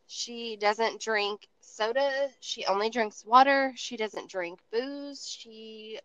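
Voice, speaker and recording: Slow-talking profane woman podcaster. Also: on the high side, clean tone, muffled recording. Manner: profane, animated storytelling with many restarts. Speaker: podcast host. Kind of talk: casual podcast chat.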